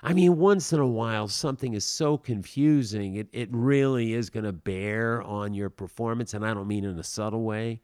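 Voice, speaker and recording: A man with a fairly low voice talks straight into a dry, close mic with no room sound. He hands out blunt, emphatic advice in a casual, wry monologue, swearing now and then. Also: normal speed, hardly any pauses, a little mellow, clear, resonant tone, dry recording. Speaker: podcast host giving acting advice.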